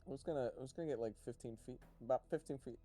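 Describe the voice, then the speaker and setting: A man playing in a tabletop game, talking in an easygoing way that often trails off quietly. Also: medium pitch, rapid-fire, soft background music. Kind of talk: casual game chat.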